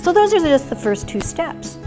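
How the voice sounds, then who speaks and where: A woman's voice: sits high, sing-song, normal speed, over music. Enthusiastic woman guiding a self-care routine. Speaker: self-care method founder and teacher. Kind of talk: guided instruction and storytelling.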